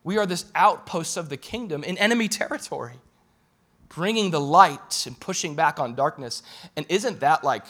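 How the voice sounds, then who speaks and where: A man preaching a sermon as pastor, animated and casual, repeating phrases for emphasis. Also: a little high, normal speed.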